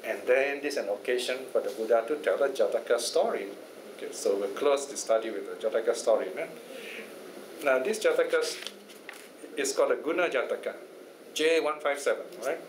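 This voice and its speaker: A man's voice: medium pitch, a little fast. A Buddhist teacher telling a fable to a study class, chatty and often checking in with his listeners. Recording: echoey room, faint noise.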